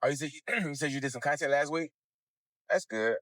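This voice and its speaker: A man as a business coach in a casual session, thinking aloud with fillers and pauses, a bit sleepy. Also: fairly high pitch, fairly bright tone, no room sound.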